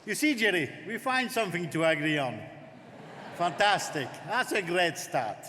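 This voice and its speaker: A man's voice: high voice, normal speed, crowd noise. French-accented man speaking in a hall. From France. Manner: warm-up jokes, lively and direct. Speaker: politician addressing a conference. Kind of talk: political conference speech. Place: large conference hall. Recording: long hall reverb, faint noise.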